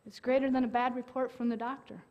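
A woman with a high voice preaching a sermon. She talks earnestly and holds dramatic pauses, then breaks into sudden loud bursts. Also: level tone, muffled recording.

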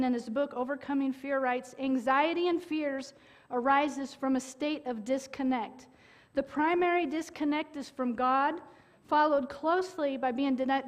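A woman preaching a sermon in an earnest way, with dramatic pauses and sudden loud bursts. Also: high voice, fairly even intonation.

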